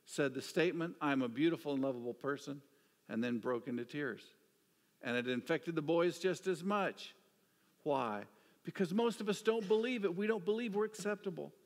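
A man preaching a sermon, telling stories with an animated delivery that drops to hushed, quiet asides. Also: a little high, normal speed. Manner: storytelling, swings from animated to hushed. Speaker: pastor. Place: church sanctuary. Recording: church hall reverb.

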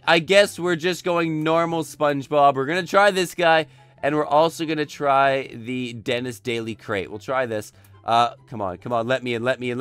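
Hoarse young man yelling over gameplay. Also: mid-range voice, no echo. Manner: excitable, narrates each move, frequent yells. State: hoarse, voice nearly gone. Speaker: gaming commentator. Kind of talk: gameplay commentary.

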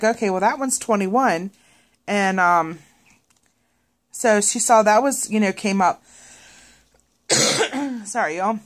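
A woman chatting casually to viewers in a craft vlog, rambling with many fillers and restarts. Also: medium pitch. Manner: animated when retelling a scene. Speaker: craft vlogger.

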